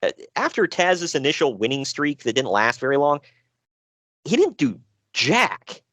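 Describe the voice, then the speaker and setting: Lively man chatting casually. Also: fairly high pitch, a little slow, no echo. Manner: animated, laughing, sighing, fillers. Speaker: podcast co-host. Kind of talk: casual chat.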